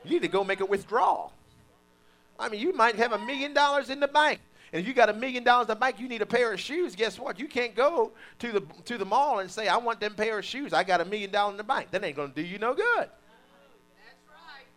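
Animated preacher man, lively and high. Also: a little fast. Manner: animated preaching with call-and-response and mock quotes. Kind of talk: sermon.

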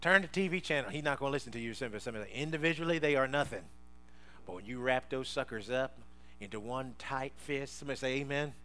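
A pastor delivers a sermon built around call-and-response, constantly urging "somebody say" to his congregation. He's playful and laughs readily, going back and forth between shouting and hushed, intense moments.

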